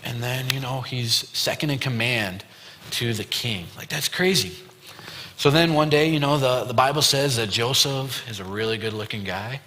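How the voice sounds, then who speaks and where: A young man preaches to teens in a relaxed, chatty way, acting out bits of dialogue with plenty of "you know" and "like". His voice is bright and forceful. It rings out with a long reverb, as if in a big church hall. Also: medium pitch, normal speed. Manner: retells a story with loose quoted dialogue and fillers. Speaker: youth pastor. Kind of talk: casual youth sermon storytelling. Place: church youth room.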